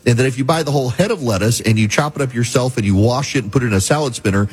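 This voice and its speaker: A middle-aged man with a husky, slightly breathy voice delivers a talk show monologue. He tells his story emphatically and with a wry edge, his pitch sitting in the ordinary middle range for a man. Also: racing, darkish tone. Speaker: talk radio host.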